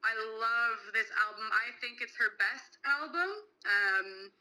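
Bright-voiced young woman gushing about music. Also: fairly high pitch, expressive, unhurried, poor audio. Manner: enthusiastic, frequent "like" fillers. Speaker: podcast co-host. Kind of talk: casual music chat.

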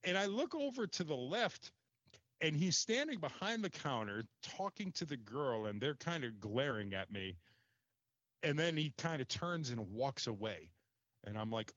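A man telling an embarrassing story in casual chat, animated and exasperated, swearing casually. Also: on the high side, normal speed, no room sound, muffled recording.

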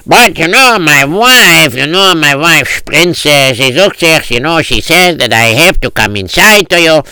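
Brief: bright-voiced, stammering Hasidic husband with a Yiddish accent, played by a man. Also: a little high, lively intonation, unhurried, clear, resonant tone, dry recording, voice pushed up, full character voice, low-quality recording. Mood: sheepish. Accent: Yiddish-inflected English. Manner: stammering, hesitant. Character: hesitant Hasidic husband, middle-aged.

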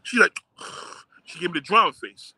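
A man's voice: sits high, expressive, moderate pace, sharp tone, breathy edge, no room sound. A man ranting profanely and emphatically on a livestream, repeating himself as he talks outdoors on a phone. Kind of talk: casual rant on a livestream.

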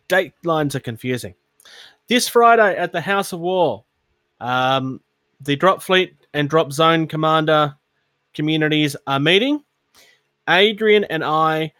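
A man's voice: on the high side, a bit bright, no room sound. A man, co-hosting a casual chat, rambling and self-mocking with frequent laughs. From Australia. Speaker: podcast co-host. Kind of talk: casual chat about tabletop gaming.

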